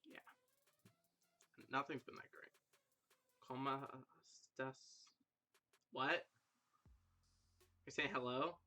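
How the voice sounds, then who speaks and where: A young Irish man hosts a casual livestream, chatting with viewers in a rambling, jokey, self-deprecating way. His medium-pitched voice is steady, bright, and forceful, delivered slowly with long pauses. Soft music plays in the background.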